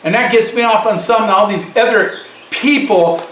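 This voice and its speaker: A man delivering an angry, loud and emphatic political rant as a commentator. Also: sits high, normal speed, echoey room, recorded from a distance, rough recording.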